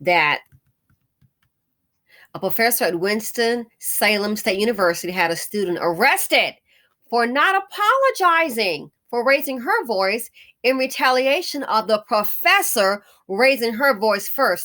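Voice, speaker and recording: A woman hosting her own commentary channel, talking casually and with strong opinions, often pausing with fillers as she thinks aloud. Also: on the high side, animated, bright, forceful tone.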